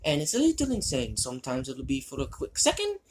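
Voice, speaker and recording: A man's voice: mid-range voice, wildly swooping pitch, fairly quick, a little hiss or hum. A man voicing a crude, boastful male spider demon in a fan fiction monologue, rambling and gleeful about violence, with a shifting put-on British-style accent.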